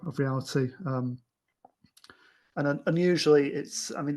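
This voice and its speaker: A man co-hosting a casual film discussion podcast, speaking enthusiastically but haltingly, with many restarts and fillers. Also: mid-range voice, gravelly. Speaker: podcast co-host.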